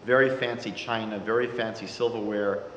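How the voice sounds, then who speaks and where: A man's voice: lowish voice, fairly even intonation, fairly bright tone, a little hiss or hum. Man telling a story in an echoey hall. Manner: measured, dramatic storytelling. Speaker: rabbi and lecturer. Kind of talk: lecture with storytelling. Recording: reverberant lecture hall.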